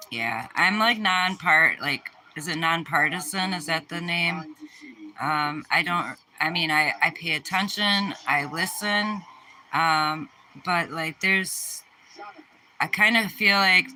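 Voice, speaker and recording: Mellow, slow-talking young Midwestern woman. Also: sits low, slight background noise, low-quality recording. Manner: rambling, filler-heavy, relaxed. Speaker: livestream host. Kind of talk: casual livestream chat answering viewer questions.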